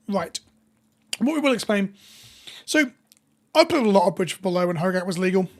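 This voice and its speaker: A woman with a hoarse voice, chatting casually with viewers on a live stream. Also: medium pitch, expressive, moderate pace, darkish tone. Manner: chatty, reads viewer names and jokes with chat.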